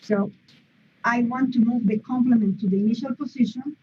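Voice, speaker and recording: A woman's voice: a little high, steady tone, normal speed, dull audio, noisy background. A woman teaching English grammar in an online lesson, explaining step by step with frequent "mm-hmm" and "okay" checks.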